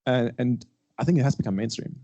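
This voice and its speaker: A man speaking on a conference panel, brisk and anecdotal. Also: mid-range voice, mellow, lo-fi sound. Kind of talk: panel discussion.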